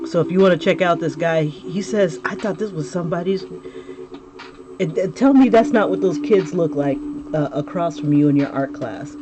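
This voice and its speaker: A chatty woman livestreams while drawing, talking casually to viewers, laughing often and restarting sentences. Her voice is fairly low and at normal speed. Music plays clearly behind her, along with other background noise.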